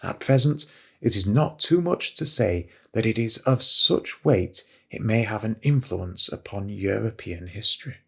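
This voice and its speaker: Man reading as stern masked nobleman, formal, measured, husky, low. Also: expressive, heavily acted. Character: stern foreign nobleman in a mask.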